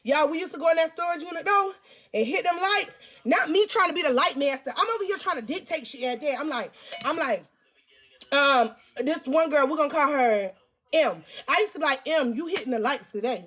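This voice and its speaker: A woman with a high voice tells a storytime to her viewers. She is crude and self-mocking. She speaks right to the camera and gets loud when she teases her younger self. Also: a little fast. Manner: animated, loud bursts when teasing herself. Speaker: vlogger. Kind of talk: storytime vlog.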